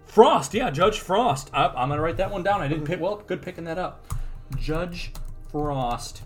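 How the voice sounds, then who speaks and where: Brief: male co-host, slightly high voice, wry and exasperated, casual. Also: animated, unhurried, a bit bright, faint music behind. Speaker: podcast co-host. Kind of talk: casual comic read-along chat.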